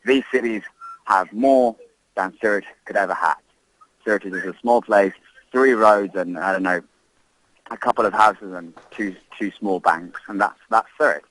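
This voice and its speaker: A man from Libya speaks in an emotional interview. His voice sits low, recorded dry and close. He talks with passion, stumbling and repeating words as he searches for what to say. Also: fairly bright tone, no echo, poor audio. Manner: impassioned, halting, repeats words often. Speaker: interviewee, expat giving an update.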